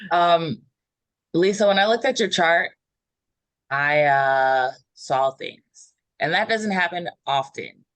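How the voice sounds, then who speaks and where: A woman giving an intuitive numerology reading in a casual group chat, meandering and filling pauses with ums. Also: on the low side, lively intonation, no echo. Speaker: numerology reader.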